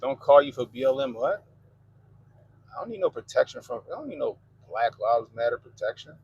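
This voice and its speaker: A man's voice: mid-range voice, sing-song, fairly quick, vocal fry, darkish tone, dull audio, a little hiss or hum. A man with a Baltimore accent hosting a livestream, chatting loosely and profanely while reading comments. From Baltimore, Maryland. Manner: loose, profane, laid-back banter. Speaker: livestream host.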